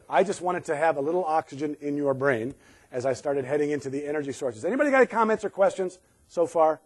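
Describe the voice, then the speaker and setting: A man giving a humorous keynote on workplace safety to an audience, sarcastic and joking, acting out what people say. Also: sits high.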